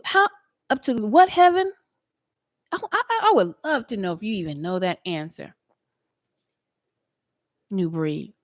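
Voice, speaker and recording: A woman's voice: high-pitched, a little mellow, no room sound. A woman hosting an outdoor livestream, chatting and preaching straight to her viewers. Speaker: livestream host. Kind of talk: casual livestream chat and teaching.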